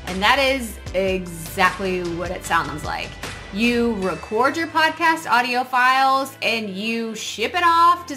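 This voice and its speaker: Bright, chatty woman podcast coach. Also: high-pitched. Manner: chatty and upbeat, self-mocking asides. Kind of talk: casual advice talk to listeners.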